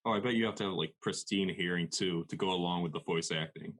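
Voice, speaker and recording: A man with a low voice hosts a casual podcast interview. He asks his questions loosely, with fillers and pauses. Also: fairly bright tone. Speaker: podcast host.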